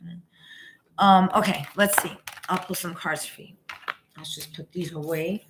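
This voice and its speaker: Speaking at a measured pace with a fairly low voice, a woman gives a casual live tarot reading over background noise. Her style is rambling and emphatic, full of restarts and "you know," and encouraging in tone.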